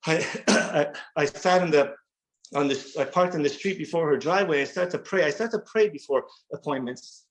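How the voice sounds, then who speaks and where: A man's voice: a little high, normal speed, low-quality recording. Earnest man sharing his recovery story. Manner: earnest, repeats words and restarts often. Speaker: recovery workshop speaker. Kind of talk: personal recovery share.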